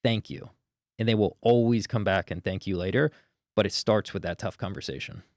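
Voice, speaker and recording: A man's voice: deep voice, brisk, no echo, clean studio sound. A man in his thirties, a sales closer, telling stories energetically in a casual interview. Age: 30s. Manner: energetic storyteller, swears casually. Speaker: sales closer, podcast guest.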